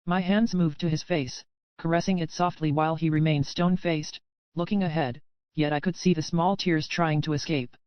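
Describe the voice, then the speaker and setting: A man with a fairly high, smooth voice reads a first-person romance story aloud at an even, measured pace. The sound is dull and muffled, with no room around it. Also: no echo. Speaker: audiobook narrator. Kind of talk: scripted first-person narration.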